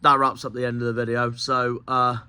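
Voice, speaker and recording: A man with a Cornish accent vents about a football loss in a bitter, profane rant, repeating himself as he goes. His voice is bright and cutting. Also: medium pitch, little pitch movement, fairly quick, clear, resonant tone. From Cornwall. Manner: furious, sweary, repetitive ranting. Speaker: football fan vlogger. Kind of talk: angry post-match rant.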